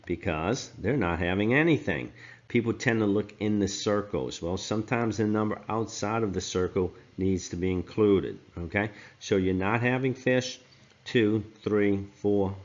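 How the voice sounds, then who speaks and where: A man teaching a recorded math lesson, talking slowly through his counting step by step and correcting himself as he goes. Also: on the low side, muffled recording. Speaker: math instructor.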